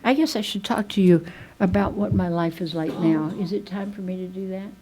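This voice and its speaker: A woman's voice: on the low side, fairly quick, warm tone, low-quality recording. An older woman sharing her story at a recovery meeting, a chatty, self-mocking storyteller who restarts her sentences often. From United States. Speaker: AA speaker. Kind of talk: speaker meeting share. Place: meeting room.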